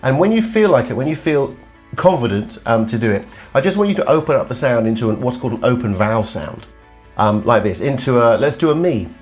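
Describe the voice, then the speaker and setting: A man's voice: mid-range voice, sing-song, a little fast, soft background music. A middle-aged male voice coach teaching vocal exercises, demonstrating hums and sung tones as he explains. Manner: demonstrative, hums and sings examples.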